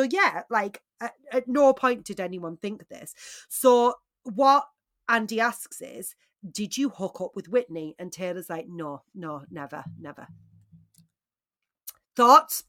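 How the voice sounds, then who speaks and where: Brief: woman podcaster, lively casual recap, big swings in volume. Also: a little high, no echo, clean studio sound. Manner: animated, swings between loud exclaims and quiet asides. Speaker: podcast co-host.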